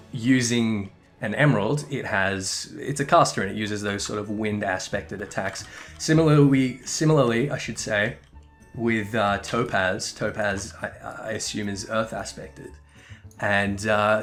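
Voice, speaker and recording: A man's voice: lowish voice, a bit bright. Rambling, profane male game commentator. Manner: rambling, profane, self-correcting. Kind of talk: casual gameplay commentary.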